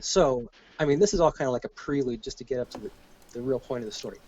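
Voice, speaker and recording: A man's voice: medium pitch, quick pace, muffled recording, slight background noise. A man, an army veteran and podcast guest, telling a story casually, cursing freely and acting out the lines of the people in it. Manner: animated, profane, acts out quoted dialogue.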